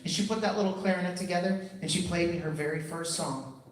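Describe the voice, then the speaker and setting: A man telling stories to schoolchildren at an assembly, animated and playful, calling the kids his friends. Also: sits high, quick pace. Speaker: children's musician speaking at a school assembly. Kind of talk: storytelling motivational talk to children. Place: school gym or auditorium with a crowd of kids. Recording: echoey hall from far off with crowd.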